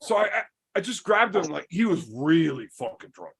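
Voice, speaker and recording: A man hosting a podcast, telling a story in a casual, profane and animated way. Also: high voice, normal speed, vocal fry, husky. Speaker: podcast host.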